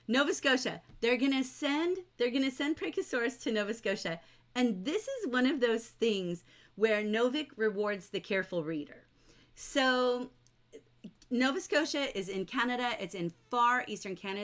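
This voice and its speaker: A woman teacher leading a livestreamed novel study, chatty and lively as she reads quotes aloud and answers viewers in the chat. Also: medium pitch. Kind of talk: livestreamed book discussion, reading chat aloud.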